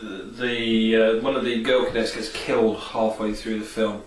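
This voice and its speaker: A man's voice: fairly low pitch, little pitch movement, normal speed, far from the mic. A man chatting casually and enthusiastically about favourite film scenes, rambling with many fillers. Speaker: vlogger. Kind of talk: casual film and game review. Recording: echoey room, off-mic, faint hiss.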